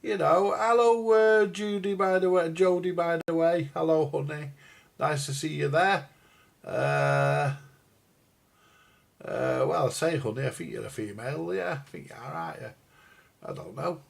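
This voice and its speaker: A man's voice: fairly high pitch, a little slow, gravelly. An older man, chatting crudely and jokily to viewers on a live stream about records and radios. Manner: crude, jokey, addresses viewers as guys. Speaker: record collector vlogger. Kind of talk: rambling live-stream chat.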